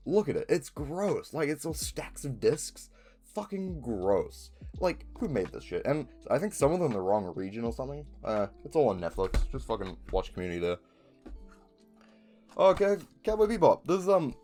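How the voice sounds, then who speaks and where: This young man, a video creator with a New Zealand accent, has a darkish, mid-range voice. He chats casually and rambles, dropping frequent ums and swearing.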